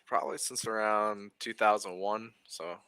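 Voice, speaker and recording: A man's voice: on the low side, normal speed, pushed and bright, clear, resonant tone, no room sound. A man in his twenties talking as a guest in a casual chat, giving short, matter-of-fact remarks.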